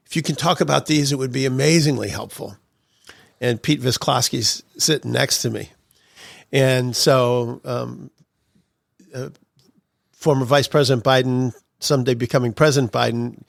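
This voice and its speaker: A man's voice: medium pitch, creaky, no room sound, clean studio sound. A man telling political anecdotes as a podcast guest, chuckling through his stories. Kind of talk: storytelling interview.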